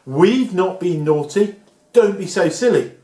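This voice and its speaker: A man's voice: sits high, animated, a little slow, warm tone. A man voicing defensive, flustered townspeople who protest their innocence, recorded in an echoey room. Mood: indignant. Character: defensive, indignant townspeople of a city.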